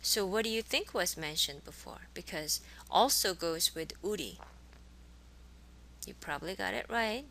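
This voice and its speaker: In a low-quality recording of a college course, a woman with a lowish, sharp voice lectures at a normal speed in an animated way. She teaches a language class, explaining grammar patiently and modeling sample sentences.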